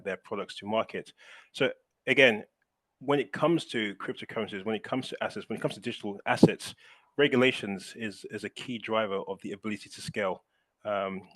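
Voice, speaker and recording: A man's voice: on the low side, a bit bright, no echo. A man speaking as a webinar panelist over a video call, emphatic and full of "you know" fillers.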